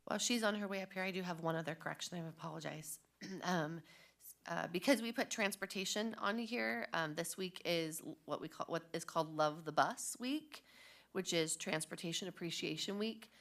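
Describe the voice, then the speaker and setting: A woman staff member at a school board meeting, explaining agenda corrections in a conversational way and slowing down on item numbers. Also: on the low side, vocal fry, a bit bright. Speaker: district staff member reporting agenda changes.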